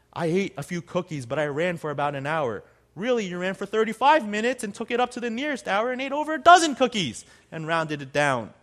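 A man's voice: high voice, fairly bright tone. A man preaching a sermon as pastor in a casual, conversational way. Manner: conversational, acts out quotes in other voices.

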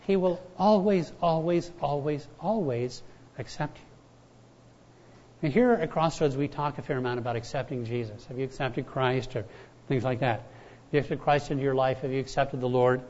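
A man's voice: medium pitch, brisk, a little mellow. A man preaching a conversational sermon as pastor, telling stories and repeating key words for emphasis. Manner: conversational, storytelling preacher with repetitions. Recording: dull, lo-fi sound.

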